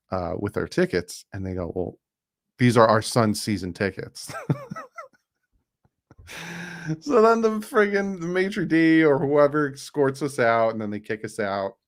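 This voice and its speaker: A man hosting a casual live stream, chatting loosely, reading out donations and plugging sponsors. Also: lowish voice. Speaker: YouTube streamer and channel host.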